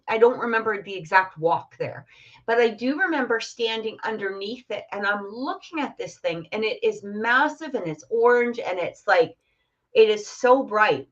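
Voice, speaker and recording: A woman's voice: a little high, fairly bright tone. A middle-aged woman telling a personal story in a casual, chatty way, full of fillers and restarts. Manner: chatty, many fillers and restarts, laughs often. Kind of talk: casual storytelling on a live stream. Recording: muffled lo-fi stream audio.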